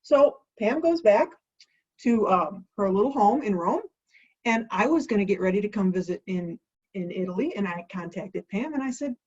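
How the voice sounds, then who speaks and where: A woman's voice: mid-range voice, animated, moderate pace, darkish tone, breathy edge, highs cut off. A woman hosting a home cocktail vlog, chatty and playful, asking and answering her own questions. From United States. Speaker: host of a home cocktail show.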